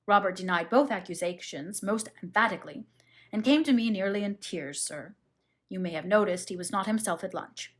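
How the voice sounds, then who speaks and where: A woman voices a solemn old butler in a storybook reading, stiff and formal. His lines are deferential and measured, and they end low and respectful. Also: lightly acted.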